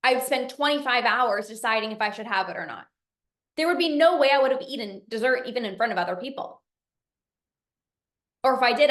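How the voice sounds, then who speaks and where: High-voiced woman coaching in an echoey room. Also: a bit bright. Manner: emphatic, repetitive, quotes her own inner voice. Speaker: binge eating coach. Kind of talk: masterclass storytelling.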